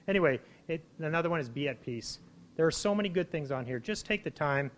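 A man giving an informal sermon to his church, conversational, with frequent restarts and animated exclamations. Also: on the high side, quick pace, a little hiss or hum. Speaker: preacher.

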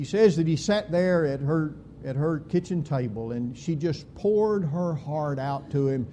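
A man preaching a sermon, with slow, deliberate delivery and emphatic swings in pitch and volume. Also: mellow, a little hiss or hum.

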